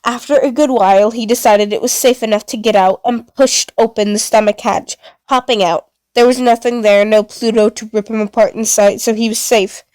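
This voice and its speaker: A woman narrating a story in a steady, plain reading voice. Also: a little high, normal speed, smooth, dry recording.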